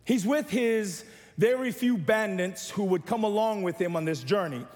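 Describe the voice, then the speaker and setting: A man with a notably high voice preaches to his church, telling funny stories and asking the congregation to answer back. His voice trails off in a long reverberant echo, as though the room is a large sanctuary. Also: animated, moderate pace, darkish tone. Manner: preaching with humor and call-and-response to the church. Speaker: pastor. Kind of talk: sermon.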